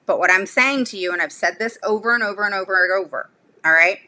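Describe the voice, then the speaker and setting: Speaking fast in a medium-pitched, bright and forceful voice, a woman addresses her livestream viewers as a special education advocate. She's blunt and fired up, tags many lines with "okay?", and drifts into rambling asides punctuated by sudden laughs.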